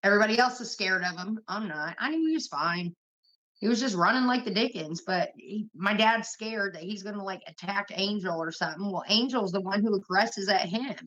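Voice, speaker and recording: A woman's voice: medium pitch, brisk, a bit bright. A young woman hosting a livestream, telling rambling stories full of profanity in casual chat. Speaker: livestream host. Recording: muffled lo-fi stream audio.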